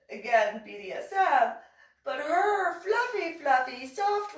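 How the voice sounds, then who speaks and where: A chatty, giggly woman tells stories in a casual, animated way. Her voice sits fairly high and leaps all over the place. She sounds distant from the microphone, with plenty of room echo around her. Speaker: reverend sharing stories. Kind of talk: casual storytelling. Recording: echoey room, distant from mic.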